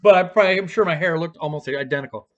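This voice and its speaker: A man's voice: fairly high pitch, very fast, lo-fi sound. A man at home telling a personal story to his camera in a rambling, profane, casual way, full of fillers and restarts.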